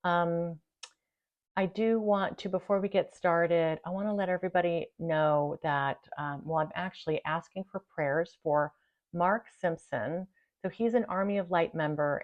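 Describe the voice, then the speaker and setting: Low-voiced lady host just chatting to her viewers, laughs a lot, kinda dull lo-fi sound. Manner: chatty, warm thanks to viewers, easy laughs. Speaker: channel host. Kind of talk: casual talk to camera.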